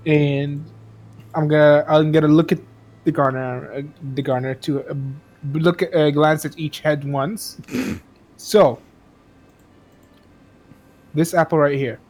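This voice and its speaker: A man's voice: a little high, steady tone, a little slow, long pauses, darkish tone. A man playing in a tabletop role-playing game, asking friendly questions. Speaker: player.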